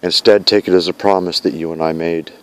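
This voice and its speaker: A man's voice: deep voice, fairly even intonation, brisk, clear, resonant tone. A man recording a heartfelt video message to his fiancée outdoors in a snowy park at night, speaking in an earnest, pleading way with repeated vow-like lines. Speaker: vlogger addressing his fiancée.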